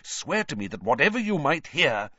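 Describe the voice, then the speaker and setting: A man voicing an anxious, kindly middle-aged father wizard who speaks low, hushed and tense. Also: big pitch swings, normal speed, breathy edge, dry recording, highs cut off, heavily acted. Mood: urgent, serious.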